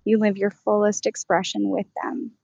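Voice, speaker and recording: A woman channeling a calm, wise spirit guide. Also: mid-range voice, normal speed, creaky, dry recording. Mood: serene. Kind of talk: channeling session. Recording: dull, dry, lo-fi sound.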